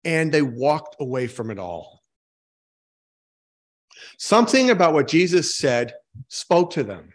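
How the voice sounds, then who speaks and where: Male pastor with a somewhat high voice; informal, joking, talks with his congregation rather than at them. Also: very animated, takes it slowly, long pauses. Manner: informal, asks the congregation questions, self-mocking jokes. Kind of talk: conversational sermon.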